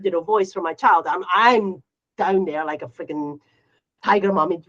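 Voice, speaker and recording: A middle-aged woman co-hosting a casual chat, animated, often acting out quotes in a higher voice. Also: normal speed, muffled recording. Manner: animated, acts out quotes in a high voice. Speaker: podcast co-host.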